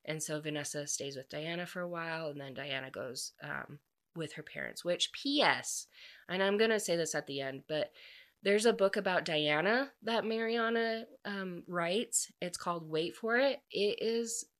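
A woman's voice: fairly low pitch, moderate pace, a bit bright. A woman casually recapping a romance novel, chatty and full of fillers, gushing and emotionally invested. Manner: chatty, filler-heavy storytelling. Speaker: book reviewer.

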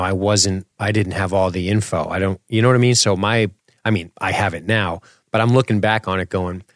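Low-voiced enthusiastic podcast co-host man. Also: no room sound, studio quality. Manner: rambling, restarts often, enthusiastic. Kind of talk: casual chat.

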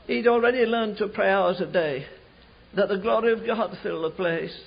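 Older male preacher, high husky voice, fervent storytelling with shouted peaks, lo-fi archive sound. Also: normal speed. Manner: fervent, builds to shouting climaxes. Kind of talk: storytelling sermon. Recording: dull lo-fi archive recording.

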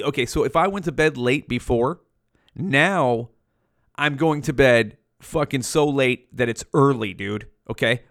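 A man's voice: medium pitch, fairly bright tone, no echo, studio quality. Profane rambling young man podcasting. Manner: profane, slangy, rambling with many fillers. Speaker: podcast host. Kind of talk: casual solo podcast rambling. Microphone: headphones and podcast mic.

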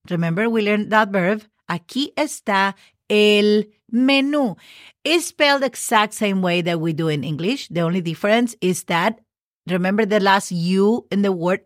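A woman's voice: medium pitch, no echo, studio quality. A woman teaching a Spanish podcast lesson, who patiently repeats phrases and spells words out letter by letter. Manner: switches between English and Spanish.

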